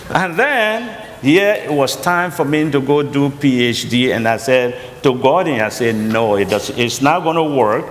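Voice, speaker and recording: A man's voice: measured pace, slight background noise. Earnest Liberian man in a hall. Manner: earnest, rises high when quoting others. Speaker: college founder and chapel guest. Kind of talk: storytelling testimony on stage.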